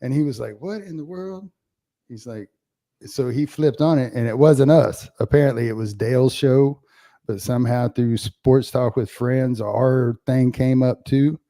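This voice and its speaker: A man co-hosting a sports podcast, chatting casually and telling stories with animated quoted voices. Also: mid-range voice, normal speed. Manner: animated storyteller, acts out quotes. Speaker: podcast co-host. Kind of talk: casual sports chat, storytelling.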